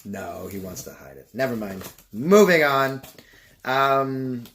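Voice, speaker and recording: A man's voice: mid-range voice, takes it slowly, a bit bright, a little hiss or hum. A young man from Canada opening boxes in a casual vlog, rambling and swearing and getting sidetracked. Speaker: vlogger.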